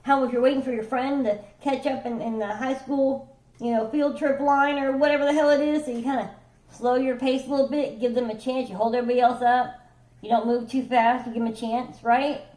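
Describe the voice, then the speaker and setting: Brisk and steady, a woman with a high-pitched, slightly mellow voice talks through a casual tarot reading. She wanders conversationally, drops swear words, and checks in with "right?" and "okay?" Her words echo around the room.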